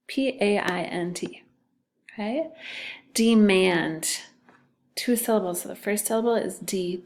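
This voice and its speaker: A woman's voice: medium pitch, moderate pace, gravelly, noisy background. A woman teacher giving a phonics lesson to second graders, patient and sounding out letters and syllables.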